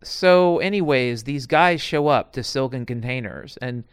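A man's voice: medium pitch, lively intonation, a little slow, clear, resonant tone, no echo, clean studio sound. A man in his forties or older telling stories from his past jobs in a digressive, profane way, full of asides and restarts. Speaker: storyteller recounting past jobs. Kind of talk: casual rambling monologue.

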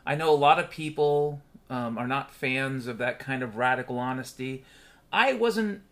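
A man's voice: mid-range voice, normal speed, a bit bright. A man hosting his own podcast in a candid, rambling monologue with frequent swearing. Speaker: podcast host.

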